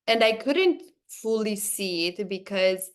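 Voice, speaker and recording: Earnest woman host telling a personal story. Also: mid-range voice. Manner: earnest and animated, quick bursts when excited. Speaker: podcast host.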